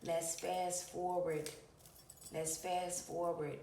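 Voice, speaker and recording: A woman's voice: lowish voice, little pitch movement, slow pace, mellow, roomy sound, recorded from a distance, slight background noise. An adult woman, telling a personal spiritual story to viewers, emphatic, repeating phrases and calling them y'all.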